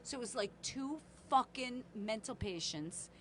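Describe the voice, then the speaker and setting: A middle-aged woman co-hosting a casual podcast chat, telling animated stories, swearing freely and acting out quotes loudly. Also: a little high, measured pace. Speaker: podcast co-host. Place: home.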